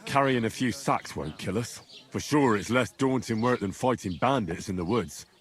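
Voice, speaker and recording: An actor voicing a plainspoken young hero with an easygoing, agreeable manner. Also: male voice, fairly low pitch, normal speed, slightly rough. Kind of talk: video game voice acting.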